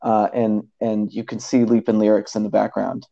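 Young man, casual podcast chat, mellow dark voice, rambling, laughs a lot, dull lo-fi audio. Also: lowish voice, level tone, moderate pace, vocal fry. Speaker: podcast co-host.

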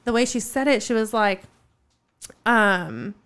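A woman's voice: a little high, animated, takes it slowly, a bit bright, clean tone. A young woman in her twenties telling a personal story in a casual podcast chat, full of fillers like "like" and "um". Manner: chatty storytelling with many fillers.

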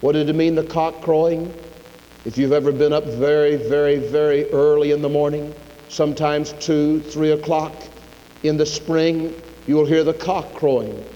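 A man preaching a sermon, retelling the story dramatically, dropping low and quiet, then rising loud. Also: level tone, normal speed, highs cut off. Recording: long reverb of a large hall.

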